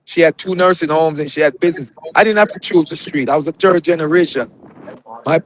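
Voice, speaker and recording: A man's voice: on the high side, a little fast, a little hiss or hum. A middle-aged man from Jamaica with a Jamaican accent, telling his life story emphatically as a guest on a casual live interview. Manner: emphatic storytelling, drifts in and out of patois, says "brethren".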